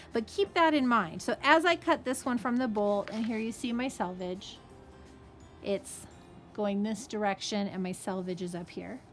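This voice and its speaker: Woman, fabric shop owner, casual sewing tutor, slightly high voice, friendly asides, soft music behind. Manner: chatty, friendly asides, frequent "okay?" and "right?".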